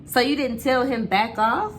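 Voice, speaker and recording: A woman reading aloud the lines of a volatile, jealous, abusive young man who yells and curses, then pleads. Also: medium pitch, animated, measured pace, a little hiss or hum. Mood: raging. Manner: yelling, cursing, then pleading.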